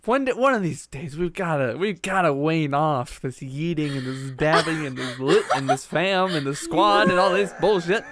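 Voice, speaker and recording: A man's voice: on the high side, moderate pace, few pauses, a bit bright, slight background noise. A man co-hosting a podcast in casual chat, rambling with lots of restarts and wheezy laughs. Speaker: podcast co-host.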